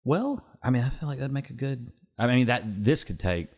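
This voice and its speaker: A man co-hosting a comedy podcast in easygoing, joking banter. His pitch swings widely as he talks, lively and expressive, and he slips into reading lines aloud with playful delivery. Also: brisk. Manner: playful, reads out script lines and acts them. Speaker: podcast co-host.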